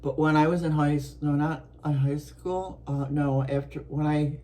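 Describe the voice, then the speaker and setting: A middle-aged woman from Buffalo, New York, chatting casually to her viewers as an art vlogger, rambling along with soft laughs and restarts. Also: low voice, steady tone, moderate pace. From Buffalo, New York, USA.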